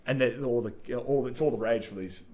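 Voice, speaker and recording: A man's voice: mid-range voice, a little fast, darkish tone. A young man, co-hosting a podcast in casual, jokey, rambling chat. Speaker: podcast co-host.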